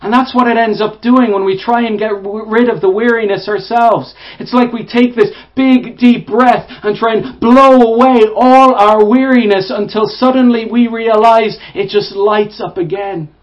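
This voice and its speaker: A man preaching a sermon to listeners, repeating words, swelling to emphatic peaks and falling to hushed, low phrases. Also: fairly even intonation, normal speed, few pauses. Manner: repeats and restarts words, rising to emphatic bursts. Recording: dull lo-fi sound.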